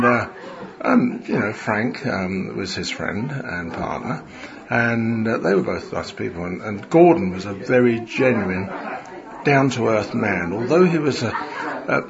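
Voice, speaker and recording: A man's voice: lowish voice, animated, moderate pace, creaky. Older man, rambling interviewee, lots of "you know"s; dull recording, crowd behind. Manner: chatty and rambling, with many fillers and restarts. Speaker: spiritualist medium interviewed after a seance. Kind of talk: reflective conversational interview.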